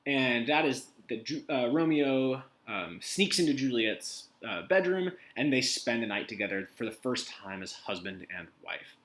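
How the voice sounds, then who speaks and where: A man's voice: medium pitch, lively intonation, a little slow, few pauses, fairly bright tone. A man teacher giving a casual spoken summary of a play, retelling the characters' lines in everyday modern talk. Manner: conversational, paraphrases characters in modern slang.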